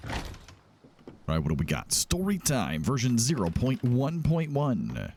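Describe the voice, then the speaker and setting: A man's voice: medium pitch, wildly swooping pitch, a little slow, a little mellow, a little hiss or hum. A man casually hosting a let's-play video, reading the game's text aloud with chatty asides. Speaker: gaming video host.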